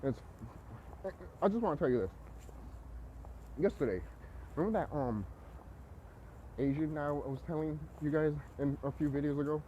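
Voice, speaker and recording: A man's voice: fairly high pitch, normal speed, long pauses, mellow, dull audio, slight background noise. A man delivering an agitated, profane, preachy rant as a vlogger, repeating himself for emphasis. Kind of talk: ranting monologue to camera.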